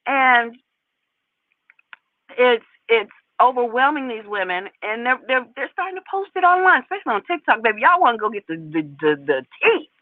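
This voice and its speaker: A woman delivers casual opinion commentary to her viewers. Her pitch swings up and down constantly and she leans on repetition to drive her points home. The sound is thin and phone-like, with a dry, close feel. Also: no echo. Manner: animated, talks straight to viewers, lots of repeated emphasis. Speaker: commentary channel host.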